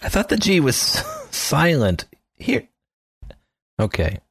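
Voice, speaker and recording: A man's voice: fairly high pitch, huge pitch swings, takes it slowly, vocal fry, breathy edge, no room sound, clean studio sound. A man co-hosting a podcast in playful, self-mocking casual chat. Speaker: podcast co-host.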